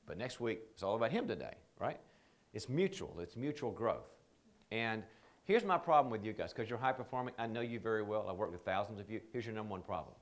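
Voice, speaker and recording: A man's voice: lowish voice, lively intonation, brisk. A man teaching a live training seminar in a conversational, joking way, often slipping into quoted voices.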